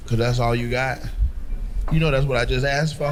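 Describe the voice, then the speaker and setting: On a club stage, a man does stand-up, working the crowd with teasing, profane jabs. His mid-range voice is brisk and steady in tone. It's a live show recording full of crowd noise, with audience laughter in the background.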